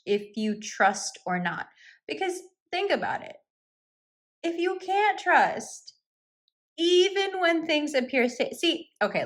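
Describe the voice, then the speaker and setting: A woman doing a tarot reading, taking her time over each phrase. Her manner is intimate and reassuring. She laughs easily and now and then slips into a hushed whisper. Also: fairly high pitch. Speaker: tarot reader.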